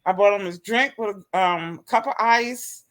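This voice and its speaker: Lively woman acting out her story. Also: medium pitch, moderate pace. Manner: animated, acts out quoted dialogue with laughs. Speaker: guest. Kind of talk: casual storytelling on a talk show.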